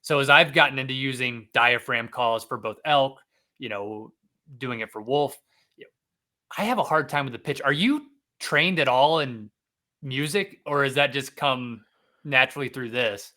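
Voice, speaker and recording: A man's voice: medium pitch, normal speed, pushed and bright. A man hosting a podcast, asking his guest long, winding questions in a casual way. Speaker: podcast host. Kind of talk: casual interview chat.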